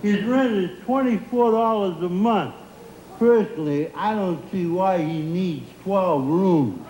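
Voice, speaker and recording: High, giggly man telling bar stories. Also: a little slow, darkish tone, roomy sound, rough recording. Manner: giggly, breaks into laughter mid-story. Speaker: comic sidekick character. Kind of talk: barroom comedy sketch. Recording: old TV audio with audience laughter.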